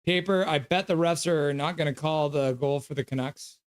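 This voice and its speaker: Higher-voiced man streaming a game. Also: normal speed, clean tone. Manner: reads viewer comments aloud; gives loose play-by-play. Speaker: live stream host. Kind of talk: casual live game reaction and chat reading.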